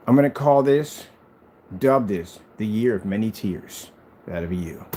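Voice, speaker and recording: A man's voice: fairly low pitch, expressive, unhurried, mellow, a little hiss or hum. A man who makes projector screens, talking in a boastful, taunting vlog rant aimed at his critics.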